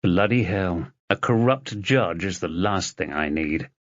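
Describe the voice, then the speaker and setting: A man's voice: deep voice, animated, unhurried, no echo, muffled recording. A man voicing a weary, stubborn male police detective who speaks tersely and dryly.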